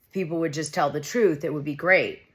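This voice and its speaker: Her voice is deep and her pace brisk as this woman vlogger gossips through a reality show recap. Casual, chatty and opinionated, she says "like" a lot.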